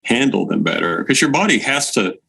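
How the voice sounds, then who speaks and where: A man being interviewed as a guest, telling stories in a relaxed, casual way with fillers. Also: medium pitch, fairly quick, vocal fry, poor audio. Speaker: guest, light therapy device maker.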